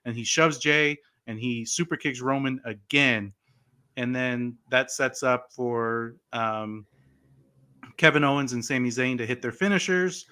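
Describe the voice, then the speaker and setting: A man co-hosting a laid-back podcast, his voice bright and forward at a medium pitch. He talks in an animated, rambling way, full of "like" and "you know". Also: unhurried, clear, resonant tone. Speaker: podcast co-host. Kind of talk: casual wrestling podcast chat.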